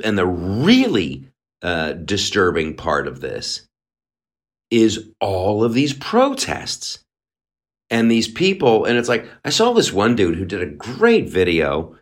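A man's voice: fairly low pitch, sing-song, takes it slowly. A man co-hosting a podcast, ranting in a heated, profane way with many stammered restarts. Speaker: podcast co-host. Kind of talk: opinionated podcast rant.

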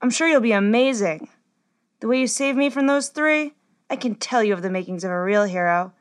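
A woman voicing Corley, a shy, gentle young girl cleric who speaks kindly. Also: fairly high pitch, brisk, lightly acted. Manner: gentle, shy, warm-hearted.

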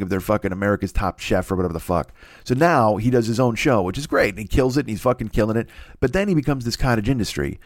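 A man's voice: mid-range voice, no echo, clean studio sound. Rambling, profane comedy podcast man. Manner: rambling, animated, profane, frequent restarts. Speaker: podcast host.

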